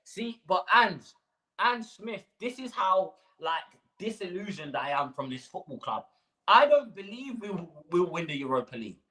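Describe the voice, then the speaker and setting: A man's voice: high voice, very animated, moderate pace, sharp tone, low-quality recording. A man hosting a live fan stream, ranting with rhetorical questions and slang. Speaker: fan channel host.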